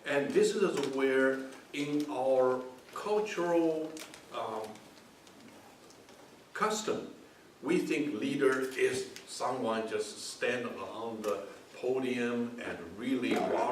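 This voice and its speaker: A man giving a short club speech in halting, plain phrasing. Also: medium pitch, slight background noise. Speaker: club speaker. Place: meeting room. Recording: echoey room, far off.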